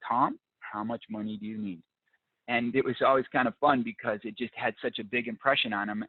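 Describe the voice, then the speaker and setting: A man's voice: lowish voice, no echo. A man presenting a fundraising webinar, talking enthusiastically and reading out audience ideas as they come in. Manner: enthusiastic, reads audience chat aloud. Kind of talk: live fundraising webinar talk. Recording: dry, phone-like narrow sound.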